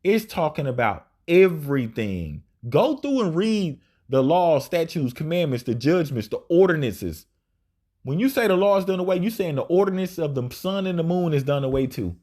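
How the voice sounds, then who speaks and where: Informal preacher man, slightly high voice. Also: very animated, normal speed, dark tone. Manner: informal, repetitive "right?" tag questions, reads verses aloud. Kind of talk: scripture study sermon.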